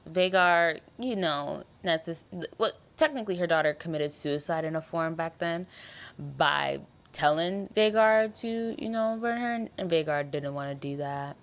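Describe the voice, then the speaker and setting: A woman's voice: on the low side, fairly bright tone. A young woman hosting a podcast, recapping a TV episode in casual, slangy and emotional chat. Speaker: podcast host.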